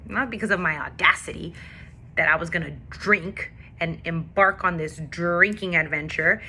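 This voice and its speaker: A woman's voice: on the low side, moderate pace, pushed and bright, a little hiss or hum. A woman with a daughter telling a candid, emotional faith testimony in a personal vlog. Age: adult with a daughter. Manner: candid, confessional, emotional storytelling. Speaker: faith vlogger.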